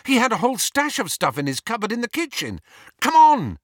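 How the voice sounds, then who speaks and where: A man's voice: medium pitch, sing-song, slow pace, bright, forceful tone, dry recording, clean studio sound, full character voice. A man voicing a fierce, commanding teenage boy wizard in an audiobook reading. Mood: urgent. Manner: urgent, commanding. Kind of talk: audiobook character voice.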